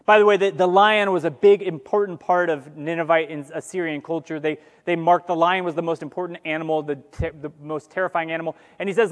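A man preaching a sermon as pastor, conversational with joking asides and animated quoting. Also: fairly high pitch, a little fast, in a large hall.

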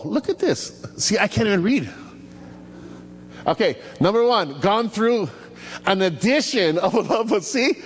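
A male pastor preaching in an animated, playful way, calling out to the congregation for responses. His fairly high voice carries through a hall with a long echo. A faint hum sits under the recording. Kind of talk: sermon. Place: church hall.

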